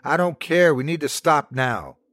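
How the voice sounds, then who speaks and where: A man's voice: lowish voice, lively intonation, unhurried, no room sound. A man voicing a frightened, exasperated young woman who snaps at her friends in a horror story reading. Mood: snapping. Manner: exasperated, sharp-tongued.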